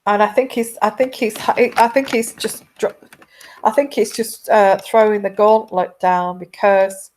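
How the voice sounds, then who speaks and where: A woman gives a chatty tarot reading at a slow, unhurried pace. She rambles and often stops to restart her sentences. Her voice sits at a middle pitch. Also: steady tone, darkish tone, a little hiss or hum. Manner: rambling, halting, many restarts. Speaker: tarot reader. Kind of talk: casual intuitive reading chat.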